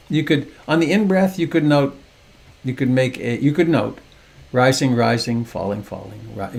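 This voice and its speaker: An older man teaching meditation over a video call, speaking softly and unhurriedly with gentle humor. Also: mid-range voice, gravelly.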